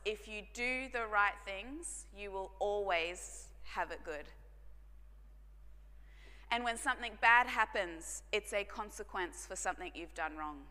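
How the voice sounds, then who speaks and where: A woman pastor, telling a personal story in a sermon, earnest and dropping to hushed tones for emphasis. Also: mid-range voice. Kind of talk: sermon testimony. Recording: long hall reverb.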